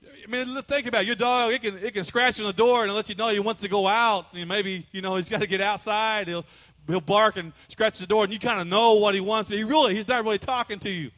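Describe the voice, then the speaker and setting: High-voiced preacher with emphatic delivery. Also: male voice, fairly even intonation, fast talker, a bit bright. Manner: preachy and emphatic, with call-and-response and playful imitations. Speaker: pastor. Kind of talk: sermon.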